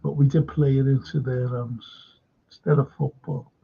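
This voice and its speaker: A man's voice: mid-range voice, level tone, moderate pace, creaky, breathy edge. A man hosting a live fan show, talking emphatically to viewers by name, repeating points and swearing. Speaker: fan channel host. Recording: dull lo-fi sound.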